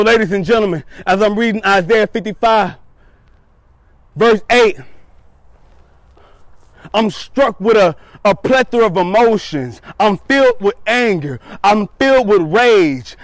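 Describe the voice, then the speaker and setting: A man's voice: sits high, dry recording. A man giving an earnest, preachy motivational talk to his viewers, repeating phrases for weight. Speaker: motivational vlogger.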